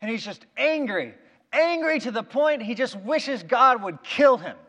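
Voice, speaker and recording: A male preacher with a high-pitched voice retells a Bible story with lively energy, acting out the quotes. A long reverb from a large hall hangs on his words. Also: measured pace.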